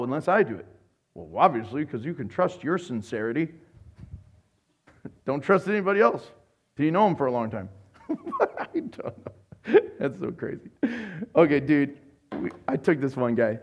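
A man preaching a sermon as pastor, telling jokey stories and acting out other people's voices. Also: a little high. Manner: animated, joking storyteller, acts out voices.

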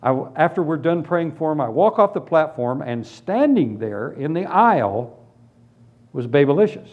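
A man preaching and giving his personal testimony, telling it as a lively story and acting out the other people in it. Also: on the high side, normal speed, narrow, tinny audio. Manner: animated storytelling, acts out voices. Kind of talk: testimony sermon.

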